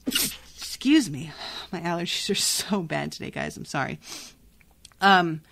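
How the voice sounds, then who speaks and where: A woman hosting a podcast, chatting casually and reacting to a book in an animated, exasperated way, swearing freely. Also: fairly low pitch, unhurried, creaky. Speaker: podcast host.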